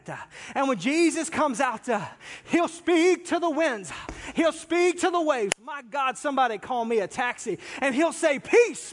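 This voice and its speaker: A man preaching a sermon in a church, impassioned, moving from loud cries down to hushed, quiet passages. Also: very high voice. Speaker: pastor. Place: large church sanctuary. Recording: long reverb of a big hall.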